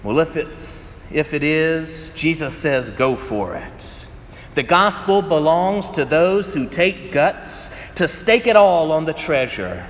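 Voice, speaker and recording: A man's voice: fairly high pitch, lively intonation, slow pace, hardly any pauses, a little hiss or hum. Man preaching in an echoey hall. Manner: conversational storytelling, often laughing. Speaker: pastor. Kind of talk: sermon. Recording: echoey hall with faint ambience.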